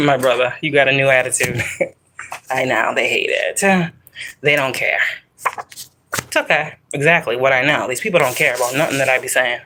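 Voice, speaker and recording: A woman's voice: rumbling low, moderate pace, pauses often, bright, forceful tone, a little hiss or hum, poor audio. A woman doing a psychic tarot reading for her viewers in a casual, rambling way, swearing often and pressing her points hard. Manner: profane, rambling, emphatic.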